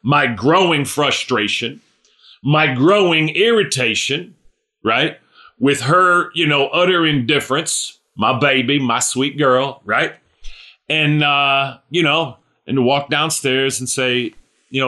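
A man's voice: medium pitch, slow, pushed and bright. A middle-aged man preaching a sermon in a conversational way, often checking in with "right?" and "you know". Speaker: pastor.

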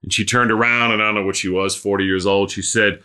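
A man's voice: lowish voice, fairly even intonation, fast, pushed and bright. A man preaching a sermon, telling a story and building to emphatic exhortation.

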